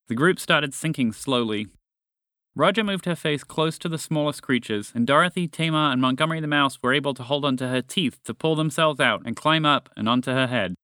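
Male storyteller, bright tone, dry recording, gentle children's-story read. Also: a little fast, no echo. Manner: gentle storybook reading, raising his pitch for characters' lines.

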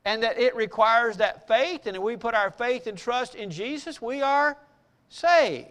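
A man giving devotional Bible teaching, asking the listeners questions, answering them himself, and slowing down to read verses with emphasis. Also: very high voice, a bit bright, clear, resonant tone. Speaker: preacher.

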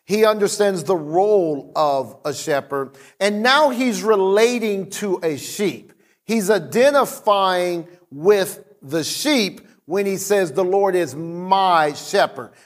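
A male pastor delivering an energetic sermon, slowing down to repeat scripture lines for emphasis. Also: high voice. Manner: energetic, repetitive preaching with slowed emphatic quotes.

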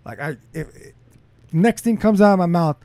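A man's voice: normal speed, dry recording. A man co-hosting a casual chat, telling stories with lots of swearing, his voice rising sharply when he gets heated. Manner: animated, profane storytelling that climbs in pitch when heated.

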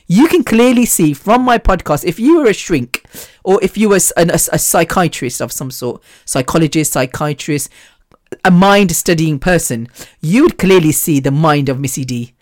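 A woman's voice: lowish voice, lively intonation, moderate pace, darkish tone, no room sound, clean studio sound. Rambling woman podcaster. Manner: rambling, scatterbrained, chatty storytelling. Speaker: podcast host. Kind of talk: solo podcast monologue.

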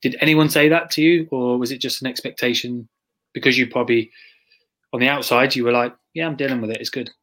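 A man hosts an interview in a bright, crisp voice. He asks gentle questions and answers his guest with short, supportive replies. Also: medium pitch, fairly even intonation, quick pace. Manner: supportive, brief affirmations. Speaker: podcast host. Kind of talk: interview conversation.

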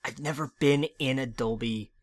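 A man's voice: mid-range voice, normal speed. Enthusiastic man explaining in a chat. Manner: enthusiastic and explanatory, with stammered restarts. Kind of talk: casual chat.

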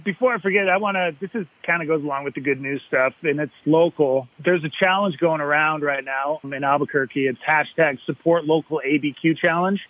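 A man co-hosting a casual podcast, rambling with lots of fillers and getting excited about good news. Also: a little high, a little fast, few pauses. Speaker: podcast co-host. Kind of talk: casual chat. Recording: dry, tinny phone-like sound.

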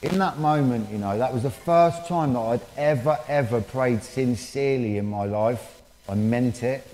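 Man, mid-pitched and mellow, candid church testimony, long hall reverb. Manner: candid, halting, many fillers. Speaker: speaker giving a testimony.

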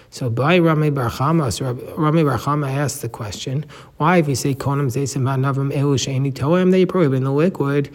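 A man giving a daily Talmud lesson, explaining step by step and weaving Hebrew and Aramaic terms into his English. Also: medium pitch. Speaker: Talmud teacher. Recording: long hall reverb.

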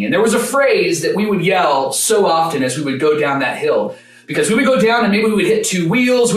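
Man, sermon, dramatic pauses, highish voice, echoey room, a bit off mic. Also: distant mic. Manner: dramatic storytelling with pauses, rising to shouts. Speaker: pastor.

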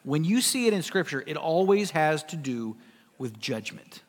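A middle-aged man preaches in a casual yet emphatic way, pressing his listeners with rising questions. His voice sits somewhat high for a man. A long hall reverb hangs behind every phrase. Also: very animated, normal speed. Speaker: pastor. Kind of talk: sermon.

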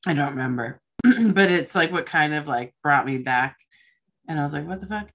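A young woman hosting a casual chat podcast, telling stories in a rambling, excitable way with casual swearing. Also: sits low, normal speed. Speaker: podcast host.

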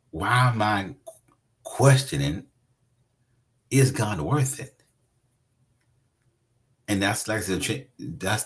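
A man preaching a conversational sermon, emphatic and repeating his phrases for weight. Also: low-pitched.

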